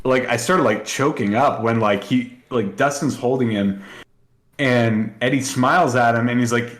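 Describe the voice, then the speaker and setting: A man's voice: mid-range voice, moderate pace, fairly bright tone, reverberant. A man co-hosting a podcast, chatting casually and emotionally with many fillers. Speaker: podcast co-host. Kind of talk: casual chat.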